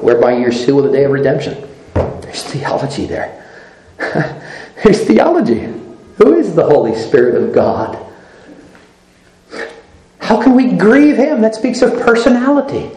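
An older man preaching a sermon as pastor in a church, animated, laughing often and asking rhetorical questions. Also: high voice, roomy sound, low-quality recording. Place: church sanctuary.

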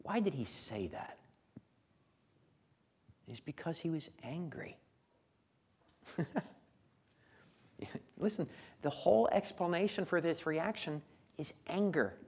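A man preaching a sermon in a folksy, conversational way, chuckling now and then and building to loud, emphatic declarations. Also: fairly high pitch, animated, takes it slowly, pauses often, breathy edge.

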